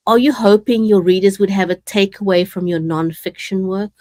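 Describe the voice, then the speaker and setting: A woman host asking interview questions slowly and deliberately, with fillers. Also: medium pitch, dark tone, no room sound.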